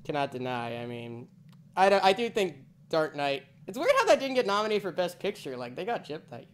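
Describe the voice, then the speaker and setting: A man's voice: on the high side, big pitch swings, a little fast. A young man hosting a casual movie review chat, laughing often and joking loosely. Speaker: host.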